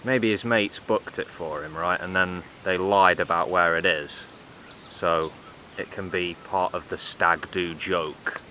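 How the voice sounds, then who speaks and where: Slow, dry, sarcastic man. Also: deep voice, slight background noise. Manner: dry, mocking, deadpan asides. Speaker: vlogger. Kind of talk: sarcastic commentary.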